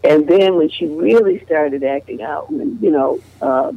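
A woman's voice: deep voice, animated, unhurried, vocal fry, no room sound, narrow, tinny audio. An older woman earnestly recounting a family memory in conversation, restarting phrases as she goes. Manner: earnest, retelling dialogue with frequent restarts. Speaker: guest. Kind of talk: personal storytelling in conversation.

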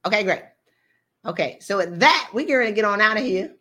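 Speaking quickly in a mid-range voice, this woman gives a motivational talk that is streamed live. Her manner is lively and sermonizing, and she mixes in humor and acted-out asides with imagined dialogue.

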